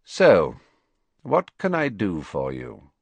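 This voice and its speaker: A man voicing a cold, sneering wizard who speaks slowly, lazily and silkily with a mocking edge, in a storybook reading. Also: deep voice, huge pitch swings, vocal fry, slightly rough, no echo, dull audio, exaggerated voice. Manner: slow, lazy, silky, mocking.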